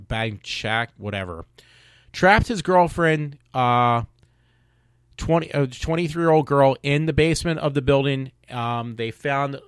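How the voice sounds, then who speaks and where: A man hosting a podcast, ranting in a rambling, halting way with many restarts and fillers. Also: medium pitch, clear, resonant tone, no echo, clean studio sound. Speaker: podcast host. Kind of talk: casual opinion monologue.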